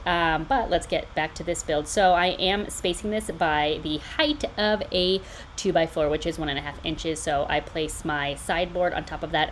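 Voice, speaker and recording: A woman in her thirties, on the low side in pitch, talks viewers through a DIY build. She sounds upbeat and chatty and drops in fillers and casual asides. Faint noise runs under the recording. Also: rough recording. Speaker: DIY builder and tutorial host. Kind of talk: step-by-step DIY tutorial voice-over.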